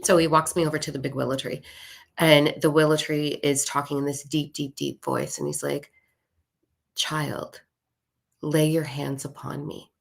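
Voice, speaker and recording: A woman's voice: low voice, fairly quick, vocal fry. A woman telling a personal spiritual story in a casual way, swearing and acting out the voices of people in it. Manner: animated, swears, acts out voices in her story. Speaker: spiritual content creator.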